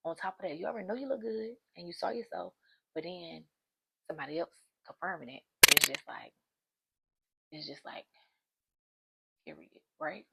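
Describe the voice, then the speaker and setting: A woman's voice: fairly low pitch, moderate pace, vocal fry, pauses often, pushed and bright, slight background noise. A young woman vlogger talking straight to her viewers, giving casual self-help advice in a chatty, informal way.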